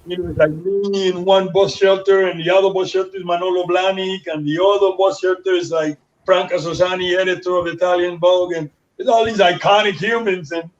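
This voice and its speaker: A man from Panama telling stories as a guest in an interview, animated and acting out what other people said. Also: high-pitched, brisk, hardly any pauses. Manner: animated storyteller who acts out others' dialogue. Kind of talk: casual storytelling interview. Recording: distant mic, dull lo-fi sound.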